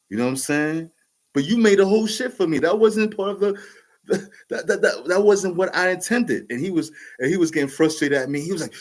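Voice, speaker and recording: A podcast host in his forties with a New York accent tells a casual, rambling story in a high, animated, fairly quick voice. He laughs often and fills his talk with restarts and fillers.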